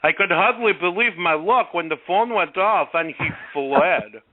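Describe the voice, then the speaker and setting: A man's voice: high voice, animated, measured pace, pitched above the performer's own voice. A man voicing an amazed Russian fisherman in a put-on Russian accent, over a tinny phone line.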